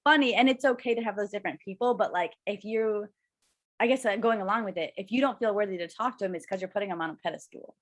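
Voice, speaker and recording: A woman's voice: mid-range voice, a bit bright. A young woman co-hosting a casual chat, rambling and gushing with emotion. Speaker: co-host.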